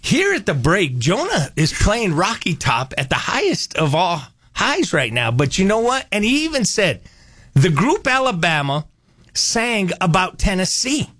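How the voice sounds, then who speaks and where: A man hosting a sports radio show, joking and bantering with his co-hosts in a lively way. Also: sits high, unhurried, no echo, clean studio sound.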